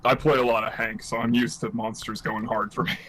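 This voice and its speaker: A man's voice: mid-range voice, flat delivery, brisk, a bit bright. A man in a casual game voice chat, dry and teasing. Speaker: player in a game session.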